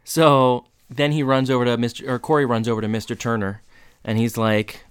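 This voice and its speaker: A man's voice: medium pitch, fast talker, smooth, no echo, clean studio sound. A man co-hosting a casual chat and recapping a TV episode, acting out the characters' lines as he tells it. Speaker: podcast co-host.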